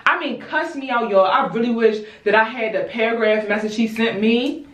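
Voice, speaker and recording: A woman's voice: fairly high pitch, normal speed. Dramatic storytelling woman in an echoey room. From Baltimore, USA. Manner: animated, dramatic, blunt, swears freely, talks to viewers as y'all. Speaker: YouTuber. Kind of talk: casual storytime chat while doing her hair. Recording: roomy echo, distant mic.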